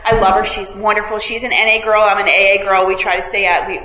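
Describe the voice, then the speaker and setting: A woman's voice: mid-range voice, level tone, fast talker, sharp tone. A woman telling a meeting group about her recovery, with self-mocking humor and many fillers and restarts. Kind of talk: candid talk to a group. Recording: echoey hall, faint noise.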